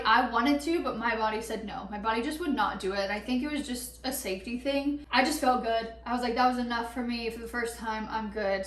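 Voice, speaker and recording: A woman's voice: a little high, distant mic. Chatty young woman, echoey and off-mic. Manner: chatty, animated, lots of "like" and laughs. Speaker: vlogger. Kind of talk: casual storytelling vlog. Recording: echoey room, a bit off-mic.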